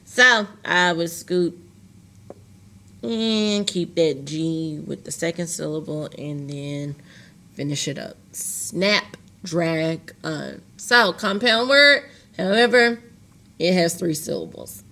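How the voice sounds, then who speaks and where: In this recorded lesson for young learners, a woman teacher talks to the class and sounds out words slowly, syllable by syllable. Her lowish voice comes across pushed and bright, with slight background noise.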